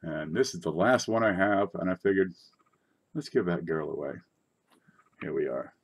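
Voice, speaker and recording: A man hosting a coin collecting show in casual livestream chat from his desk, rambling and chatty with sudden excited outbursts. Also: low voice, normal speed, gravelly, husky. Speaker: coin collecting channel host.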